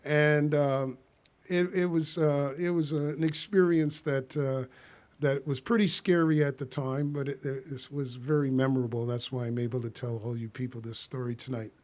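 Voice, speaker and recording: A man's voice: medium pitch, fairly even intonation, normal speed, darkish tone. A man telling a rambling personal story to a live audience, laughing often and acting out the quotes.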